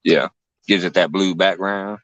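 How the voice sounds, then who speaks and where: A man's voice: sits low, fairly even intonation, unhurried, a bit bright, dry recording, highs cut off. A man hosting a casual livestream chat, easygoing, laughing often and reading out viewers' names. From Illinois. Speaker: livestream host.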